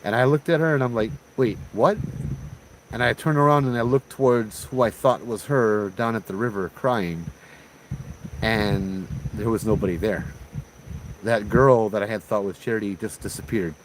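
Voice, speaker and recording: A man's voice: on the low side, moderate pace, a little hiss or hum, poor audio. A man from Hawaii telling a ghost story in a laid-back, chatty way, using slang and laughing often.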